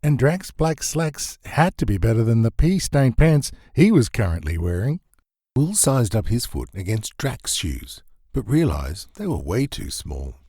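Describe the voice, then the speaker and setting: A man narrating a comic novel as an audiobook, expressive and swinging his pitch for comic effect. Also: a little slow, husky, no room sound, studio quality.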